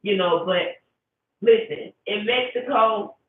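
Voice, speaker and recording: A woman's voice: mid-range voice, takes it slowly. A blunt, profane woman rants casually to camera, circling back with lots of fillers. Her voice sounds distant and tinny, as if caught on a phone, with heavy echo and a faint hiss behind. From United States. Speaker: commentary vlogger. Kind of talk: casual commentary rant.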